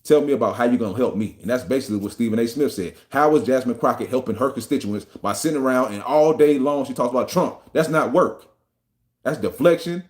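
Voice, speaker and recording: A man hosting a podcast, firing off a rapid, heated, profane rant. His delivery is combative and mocking, with a pitch that sits in the middle range for a man. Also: a little mellow. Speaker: podcast host.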